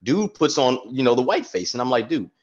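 A man guesting on a podcast, chatting casually in an animated, profane, storytelling way. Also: mid-range voice, brisk, husky, muffled recording. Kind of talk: casual chat.

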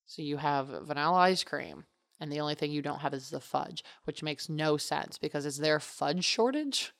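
Low, gravelly young woman rambling. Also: lively intonation, moderate pace. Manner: rambling, chatty storytelling with fillers. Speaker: podcast co-host. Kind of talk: casual chat.

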